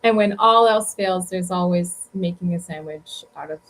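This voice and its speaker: A woman's voice: lowish voice, moderate pace, slight background noise, low-quality recording. Chatty woman guest, rambling travel stories. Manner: chatty, rambling, lots of fillers and laughs. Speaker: guest author. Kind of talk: casual interview chat.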